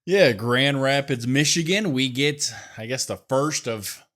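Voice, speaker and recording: A man's voice: medium pitch, measured pace, fairly bright tone. Laid-back guy on a podcast, hedges a lot, regular mid voice. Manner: easygoing, hedging with fillers. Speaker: podcast co-host. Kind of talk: casual podcast chat.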